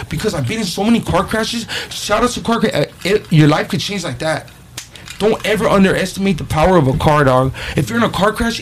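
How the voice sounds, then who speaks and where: A man telling profane, animated street stories in casual talk. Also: high-pitched, slight background noise. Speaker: podcast guest, rapper. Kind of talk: casual storytelling.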